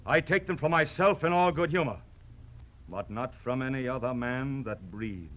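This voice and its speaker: A man's voice: mid-range voice, animated, moderate pace, a bit bright, lo-fi sound, close to an everyday voice. An actor playing a proud, mocking poet swordsman with a huge nose, declaiming in theatrical old radio-drama style. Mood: scornful. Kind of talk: vintage radio drama acting.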